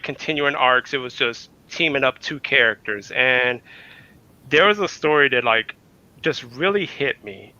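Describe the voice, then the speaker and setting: A man's voice: medium pitch, bright, forceful tone. A man guest on a casual podcast, retelling a story in a rambling way with many fillers. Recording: dull lo-fi mic.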